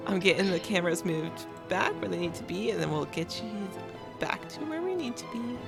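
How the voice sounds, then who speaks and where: A woman's voice: mid-range voice, big pitch swings, moderate pace, gravelly. A woman running a tabletop game and hosting a live stream, chatting and laughing while she fixes technical issues. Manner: laughing, upbeat, multitasking. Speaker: game master and stream host. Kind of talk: casual chat on a live stream. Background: background music.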